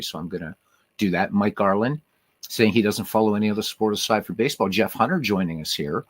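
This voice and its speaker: A middle-aged man with a lowish voice hosts a casual livestream, rambling, restarting his sentences and dropping "you know" every few words. The sound is dry and close, with no room echo. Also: fairly bright tone. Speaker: livestream host. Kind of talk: casual chat.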